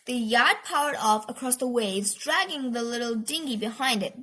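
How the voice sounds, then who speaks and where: A woman reading a children's storybook aloud, expressive, with asides about the pictures. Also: sits high, moderate pace, few pauses.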